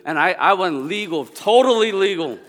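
A man who is a Presbyterian minister, giving a humorous sermon talk with animated storytelling, bursts of exclamation and laughter. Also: sits high, moderate pace. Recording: long reverb of a large hall.

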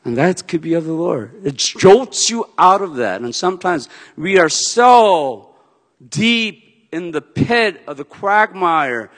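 A man preaching, telling a personal story in an animated way, swinging from shouts down to soft, quiet lines. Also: sits high, measured pace, in a large hall. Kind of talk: sermon storytelling.

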